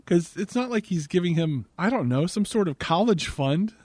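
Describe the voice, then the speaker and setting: A man hosts a podcast and recaps a film in a sarcastic, exasperated way. His voice sits a little high, and the recording is dry and close with no room sound. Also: animated, moderate pace, darkish tone, dry recording. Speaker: podcast host. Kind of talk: casual movie recap.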